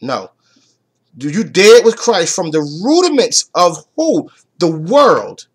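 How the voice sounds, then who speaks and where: Man, high-pitched, Bible class teacher on online talk radio; reads a verse, then asks questions and drives the point home. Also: sing-song, slow, husky. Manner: reads scripture aloud then explains it with rhetorical questions; swings from soft asides to emphatic raised points. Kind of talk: preaching Bible study.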